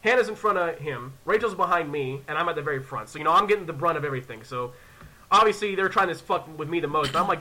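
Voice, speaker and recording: Lively, bright-voiced young man telling stories. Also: fairly high pitch, fast talker. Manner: animated, profane, acts out quoted voices. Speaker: podcast host. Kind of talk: casual storytelling chat.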